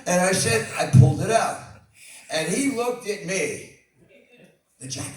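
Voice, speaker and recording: An older man with a fairly high voice tells a rambling story on stage, full of laughing asides. The sound booms around an echoey hall, and the mic is well away from him. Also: lively intonation, a little slow, recorded from a distance. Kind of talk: live anecdote. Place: live venue.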